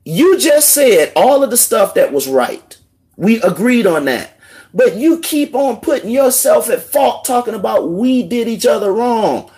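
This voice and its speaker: A man's voice: very high voice, very animated, measured pace, a little mellow, husky. A man hosting a live call-in stream, lecturing a caller heatedly and with profanity while talking over her. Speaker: livestream host.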